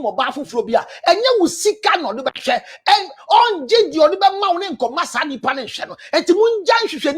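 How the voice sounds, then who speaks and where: High-voiced scolding Ghanaian woman counselor. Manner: forceful, scolding, often shouting. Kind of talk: preaching relationship advice to camera.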